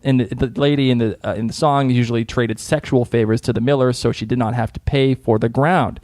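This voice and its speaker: A man's voice: mid-range voice, fairly even intonation, fairly quick, a little mellow, no room sound, clean studio sound. A young man with a Boston accent hosting a casual podcast, joking and reading out listener comments. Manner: jokey, reads listener comments. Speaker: podcast host.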